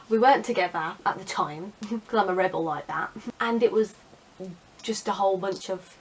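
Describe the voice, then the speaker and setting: A young woman chats casually to camera. She is sarcastic and self-mocking, with a mid-pitched voice. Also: a little hiss or hum. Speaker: vlogger. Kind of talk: casual vlog chat.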